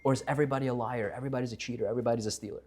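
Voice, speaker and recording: A man giving a Torah class, telling a story with lively voices for its characters. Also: medium pitch, rapid-fire.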